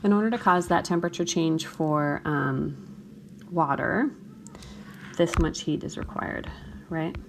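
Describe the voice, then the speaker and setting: In a recorded screencast, a woman explains a chemistry problem and often checks in with her students. Her low-pitched, somewhat gravelly morning voice moves a little slowly with frequent pauses, against a slight hiss or hum.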